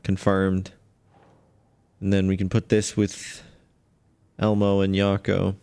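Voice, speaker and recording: A man's voice: low-pitched, completely flat delivery, slow, warm tone, smooth. A man streaming a video game, musing aloud as he works out a puzzle, chuckling and trailing off. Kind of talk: casual gameplay commentary.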